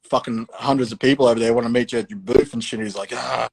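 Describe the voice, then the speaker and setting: A man's voice: mid-range voice, steady tone, quick pace, creaky, breathy edge. An Australian man, a tattoo artist, telling stories in a casual, rambling way, full of swearing and fillers. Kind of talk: casual storytelling.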